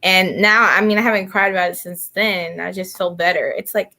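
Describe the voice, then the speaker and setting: A woman's voice: medium pitch, expressive, brisk, sharp tone. A teenage girl on a panel, chatty and candid, sharing a school story. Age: teens. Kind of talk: panel discussion.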